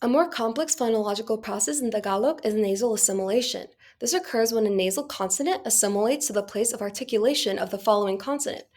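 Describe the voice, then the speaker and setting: Young female student presenter giving a scripted class talk at a steady pace. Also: on the high side, quick pace, few pauses. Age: young adult.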